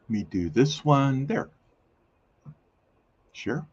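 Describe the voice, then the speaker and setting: A man's voice: mid-range voice, expressive, slow, darkish tone, slightly rough, highs cut off. A man hosting a casual live stream, chatting in a rambling, self-correcting way with lots of fillers. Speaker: host of a weekly live community show.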